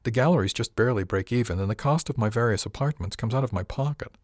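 A man voicing a composed, wealthy young woman in an audiobook, calm and matter-of-fact. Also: medium pitch, fast, dry recording, studio quality, lightly acted.

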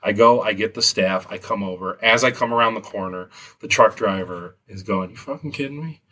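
A man's voice: on the low side, steady tone, normal speed, pushed and bright. A man with a Western New York accent, a business owner, telling a story in casual chat, acting out quotes and swearing freely.

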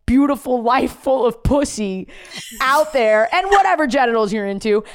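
Smooth-voiced woman telling road stories. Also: fairly high pitch, moderate pace. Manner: animated storyteller, swears freely. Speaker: podcast co-host, comedian. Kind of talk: casual chat.

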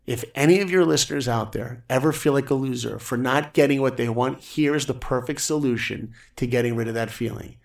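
A man telling a personal story on a podcast, energetic and acting out quotes from other people. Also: medium pitch, brisk, vocal fry, hardly any pauses. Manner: energetic, acts out quotes in raised voices. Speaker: guest storyteller.

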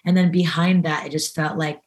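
A woman's voice: low voice, fairly even intonation, a little fast. A woman being interviewed in a podcast, talking casually and earnestly, with lots of fillers and restarts. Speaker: podcast guest.

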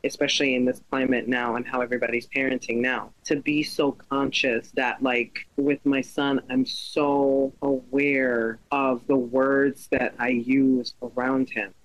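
A woman comedian chatting as a podcast guest, an animated storyteller who acts out the voices in her stories. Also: rumbling low, unhurried, few pauses, dry recording, poor audio. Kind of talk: casual podcast chat.

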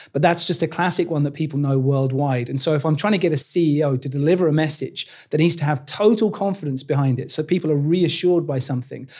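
A man's voice: fairly high pitch, dark tone. A British man, a body language coach, talking in an interview and acting out quoted lines with animation. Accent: British English. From Britain. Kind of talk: conversational interview.

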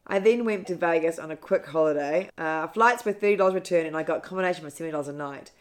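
Female podcast co-host, lower voice, wry reader who keeps stopping to comment. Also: fast talker. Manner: amused, wry, breaks off to comment while reading. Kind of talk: casual chat, reading a manuscript aloud.

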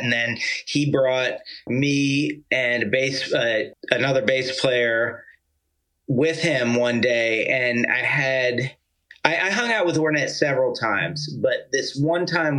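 A man from Georgia, a musician guest, telling a rambling, animated story full of "like" and casual swearing. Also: mid-range voice, low-quality recording.

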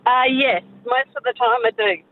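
A woman's voice: on the high side, normal speed, dry recording. A woman phoning in to a radio show and talking about her husband. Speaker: caller. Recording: phone line.

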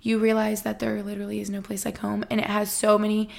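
A woman's voice: medium pitch, completely flat delivery, fast, creaky. A young woman in her twenties hosting a casual solo podcast, chatty and bubbly with lots of fillers. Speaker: podcast host.

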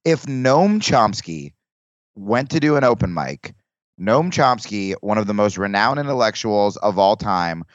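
A comedian guest talking in casual podcast chat, rambling with restarts and acting out quoted lines. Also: male voice, fairly low pitch, big pitch swings, a little slow, dry recording, highs cut off.

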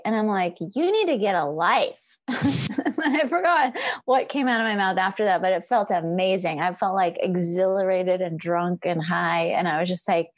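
A woman's voice: mid-range voice, moderate pace, no room sound. A woman from California telling a story in casual chat, laughing often and acting out the people she quotes. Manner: animated, laughing, acts out quoted voices.

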